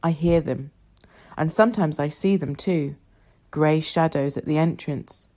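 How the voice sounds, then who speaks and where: Low, mellow woman narrating a novel. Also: measured pace. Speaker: audiobook reader. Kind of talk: first-person novel narration.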